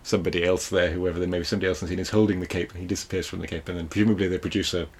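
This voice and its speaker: A man with a fairly low voice co-hosts a casual film podcast. He rambles, circles back and restarts his sentences as he thinks aloud, laughing easily along the way. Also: fairly even intonation, very fast, a little hiss or hum. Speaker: podcast co-host.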